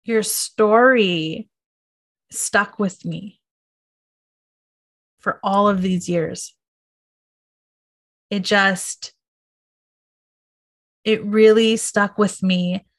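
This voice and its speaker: A woman's voice: medium pitch, a bit bright. A woman guest on a podcast, speaking in a reflective, thoughtful way. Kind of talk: casual podcast conversation.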